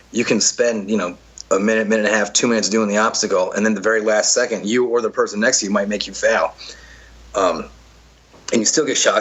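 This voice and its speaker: A low-quality recording captures an obstacle racer on a podcast telling casual, meandering race stories packed with fillers and restarts. His pitch is fairly low, his tone a bit bright and slightly rough.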